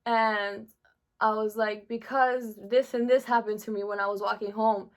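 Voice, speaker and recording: A woman's voice: medium pitch, steady tone, moderate pace. A young woman vlogger telling a painful personal story from her school days, emotional, with many fillers.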